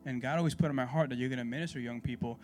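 A man leading a church Bible class in a casual, sermon-style way, animated and conversational, full of rhetorical questions. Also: medium pitch, racing, faint music behind.

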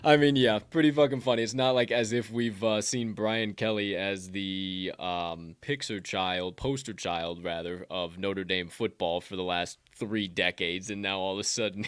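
A man's voice: deep voice, moderate pace, clear, resonant tone, dry recording. A man co-hosting a casual sports podcast, swearing and laughing often as he talks. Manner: profane, laughing, slips into a put-on drawl. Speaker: podcast co-host.

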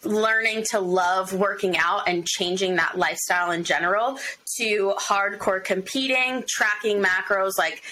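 A young woman guest on a podcast, chatting in a loose, rambling way with plenty of "like" thrown in. Her voice is bright and forward, with a faint hiss underneath. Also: mid-range voice, measured pace, few pauses, low-quality recording. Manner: chatty, lots of "like" fillers. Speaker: podcast guest, bikini competitor. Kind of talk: casual chat.

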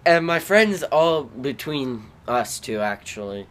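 A man hosting a podcast, telling rambling, animated stories about his family. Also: mid-range voice, slow, a little hiss or hum. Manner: rambling, animated, bursts into loud acted shrieks. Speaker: podcast host. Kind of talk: casual storytelling.

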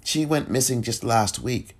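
A man hosting a solo commentary podcast, emotional and halting, often repeating himself. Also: mid-range voice, breathy edge. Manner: emotional, halting, repeats himself, audibly moved to near tears. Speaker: podcast host.

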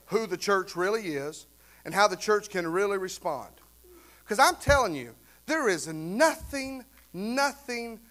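A man preaching with a very high voice, talking to his congregation like a friend and often checking in with "right?". He builds up to loud, fervent bursts when he presses a point. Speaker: pastor. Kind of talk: sermon.

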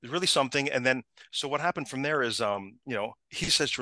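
A man telling a story in a casual chat, animated and acting out the people he quotes. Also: fast talker, hardly any pauses, dry recording. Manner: animated, acts out quotes with big pitch jumps, frequent restarts.

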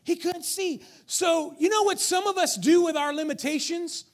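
A male pastor preaching a sermon in church, emphatic, joking with the congregation, swinging between shouting and near-whisper. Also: very high-pitched, moderate pace.

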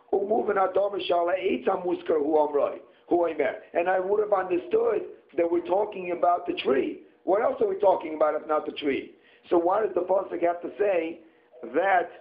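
A man giving a Torah study lesson, reading Hebrew phrases aloud and translating them into English line by line. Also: sits high. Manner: reads Hebrew text then translates phrase by phrase. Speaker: Torah teacher. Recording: tinny phone-like sound.

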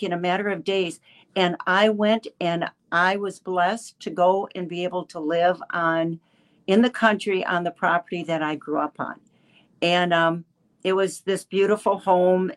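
A woman in her seventies giving a halting personal testimony with many restarts, a little emotional. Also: lowish voice. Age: 70s. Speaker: caller sharing a testimonial.

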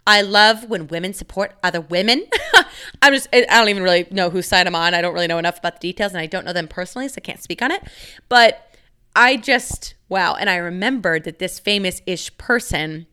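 A woman's voice: lowish voice, brisk, bright, forceful tone, clean tone. A young woman hosting a solo podcast, chatting casually with lots of fillers, swearing and giggles as she tells a story. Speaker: podcast host.

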